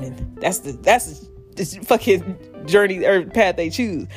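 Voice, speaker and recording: A young woman hosting a casual solo podcast, talking in a loose, slangy, animated way with playful impressions. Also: on the low side, measured pace, soft background music. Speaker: podcast host.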